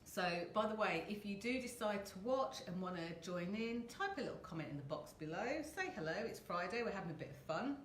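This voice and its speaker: A woman's voice: mid-range voice, sing-song, brisk, few pauses, roomy sound, a little hiss or hum. A woman hosting a casual live video chat from a hotel room, chatty and rambling, laughing often. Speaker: host.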